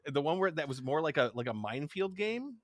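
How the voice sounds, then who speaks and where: A podcast host, a man with a slightly high, sing-song voice, chats casually at a somewhat quick pace, rambling, poking fun at himself, and laughing often. The recording has no room sound.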